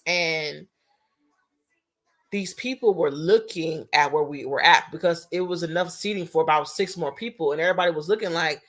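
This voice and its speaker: A young woman, telling a casual storytime story in an animated, profane, chatty way. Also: deep voice, normal speed.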